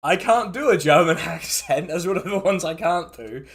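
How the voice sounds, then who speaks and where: A man running a tabletop game as dungeon master talks in a high voice with lively intonation. He's chatty, quick to laugh, and keeps restarting his sentences.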